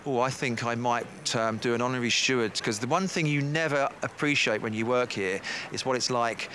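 A man's voice: medium pitch, a little fast, sharp tone, a little hiss or hum. A man being interviewed, speaking in an earnest, reflective way. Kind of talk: casual interview.

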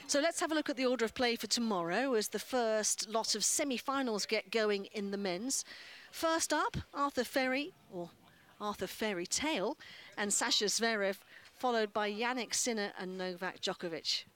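A woman sports presenter reading out the schedule in a brisk, playful way. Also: on the high side, a bit bright.

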